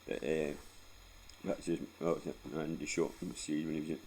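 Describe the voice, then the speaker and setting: A man's voice: extremely low pitch, flat delivery, moderate pace, darkish tone, slight background noise, low-quality recording. A Scottish man in his forties telling rambling, sweary stories about his life in a casual vlog, laughing often as he goes. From Scotland. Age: 40s. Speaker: vlogger. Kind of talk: casual storytelling.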